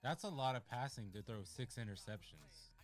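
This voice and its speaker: A man's voice: medium pitch, animated, normal speed. A man co-hosting a gaming session in casual chat, teasing his friend with short dry quips. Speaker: co-host and gamer.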